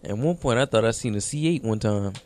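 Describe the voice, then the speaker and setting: A man's voice: lowish voice, expressive, a little fast, a little mellow. A man in casual chat, reacting with short interjections. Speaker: co-host chiming in.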